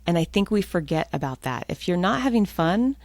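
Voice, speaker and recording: Guest author, American woman, lively and upbeat, low-pitched, close dry mic. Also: brisk, no room sound. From United States. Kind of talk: podcast interview.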